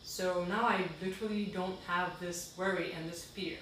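An earnest woman reads her own reflective writing aloud as a guest, heartfelt and prone to quick asides. She sits well back from the mic in a strongly echoing room, with a faint hiss of background noise behind her. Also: on the low side, fairly even intonation, a bit bright, far from the mic.

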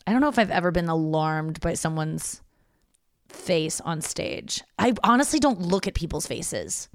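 A woman with a lowish, lively voice hosts her podcast alone, speaking at a moderate pace in a loose, candid ramble full of yawns and swearing. It's a casual solo monologue recorded at studio quality with no room sound.

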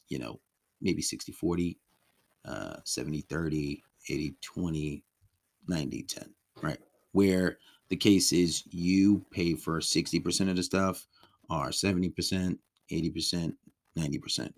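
A man with a very low voice talks through a relationship lesson. His delivery is loose and conversational, full of ums and restarts. He slips into quick acted-out quotes of the men he coaches. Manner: loose and conversational, many ums and restarts, acts out clients' complaints. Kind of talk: casual spoken lesson.

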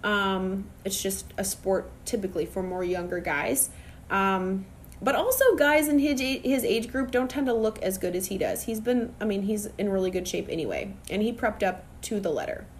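A young woman from Minnesota chatting casually to her viewers, telling a lively story full of fillers and asides. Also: mid-range voice, moderate pace, a little hiss or hum. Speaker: vlogger. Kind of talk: casual chat to camera.

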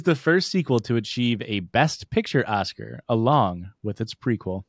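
A man's voice: medium pitch, animated, normal speed, few pauses, no echo, clean studio sound. A man co-hosting a podcast, trading jokes and laughing often in casual banter. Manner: joking, riffing, laughs often. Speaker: podcast co-host.

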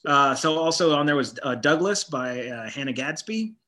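A man's voice: on the high side, expressive, moderate pace, sharp tone. A man co-hosting a comedy podcast, chatting casually and laughing easily. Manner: chatty, laughs easily, runs through lists. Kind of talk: casual chat.

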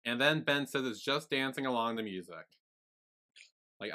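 A man's voice: medium pitch, normal speed. A man co-hosting a podcast, casually recapping a drama episode and acting out the characters' lines. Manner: animated storytelling, acts out quotes. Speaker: podcast co-host.

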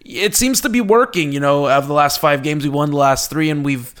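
A man co-hosting a casual sports podcast, excitable and quick to laugh. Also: fairly high pitch. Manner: excitable, laughs often, restarts. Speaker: podcast co-host.

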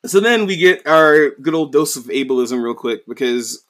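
A man's voice: a little high, expressive, normal speed, a bit bright. Rambling male podcast co-host. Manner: rambling, heavy use of "you know" and "like". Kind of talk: casual recap of a story.

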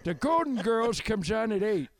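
A man putting on the voice of a demanding old man who still lives with his mother, drawn out and slow. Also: high-pitched, lively intonation, creaky, slight background noise, pitched above the performer's own voice. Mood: whiny.

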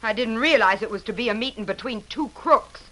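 Woman doing a gutsy young western gal, old radio play, high bright voice, determined. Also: brisk, close to an everyday voice, poor audio. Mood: tense. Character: brave young frontier woman, bold. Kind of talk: 1940s radio acting.

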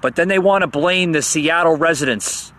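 A man's voice: fairly high pitch, normal speed, fairly bright tone. Heated, stammering man ranting. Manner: agitated, repeats words and stammers, sarcastic. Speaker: podcast host. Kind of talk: heated political rant.

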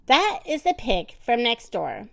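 A domineering, stubborn old lady from a storybook, put on by a woman reader, blunt and loud. Her voice leaps about and she lays out each word slowly. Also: on the high side, huge pitch swings, creaky, full character voice. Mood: bossy. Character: bossy, stubborn older woman, the elder sister.

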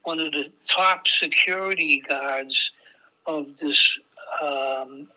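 A man's voice: fairly high pitch, takes it slowly, pushed and bright, rough recording. An older man, a jazz saxophonist telling loose, profane stories in a casual interview and acting out the other people in them. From Boston area. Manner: swearing, acts out voices in anecdotes.

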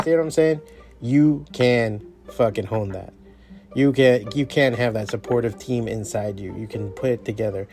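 Male podcast host, mid-pitched, casual motivational rant, blunt and profane, flips into character voices for quotes. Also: normal speed, a little mellow, faint music behind. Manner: profane, blunt, pep-talk delivery.

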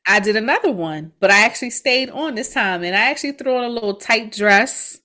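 A woman's voice: on the high side, animated, brisk, pushed and bright. A woman in her thirties, a podcast co-host, telling a story in casual chat and laughing often.

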